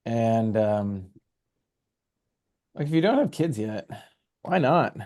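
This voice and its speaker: Male podcast co-host, mellow voice, pushy and profane in casual chat. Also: mid-range voice, expressive, slow pace. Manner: emphatic, profane, encouraging.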